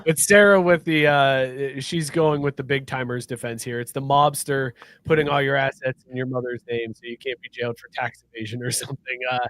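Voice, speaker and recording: A man's voice: medium pitch, fairly quick, few pauses, dry recording, rough recording. A man co-hosting a sports podcast, joking in casual banter. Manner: joking, lively. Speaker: podcast co-host.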